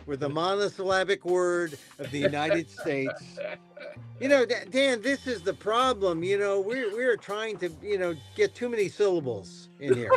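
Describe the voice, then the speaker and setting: An older man hosting a casual comedy talk show, mocking politics with sarcastic, deliberately simple phrasing. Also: sits high, lively intonation, faint music behind. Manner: playful, mock-simple sarcasm. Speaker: host.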